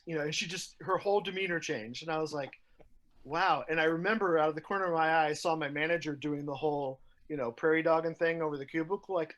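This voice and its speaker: A man's voice: a little high, quick pace. A podcast co-host telling a workplace story in loose, casual chat. He swears often and acts out the people in his stories. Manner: profane, animated storyteller.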